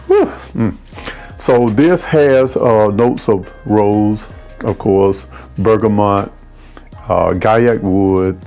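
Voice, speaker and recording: Slow-talking effusive man reviewing fragrances. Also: lowish voice, darkish tone. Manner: effusive, savoring, exclamatory. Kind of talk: casual product review.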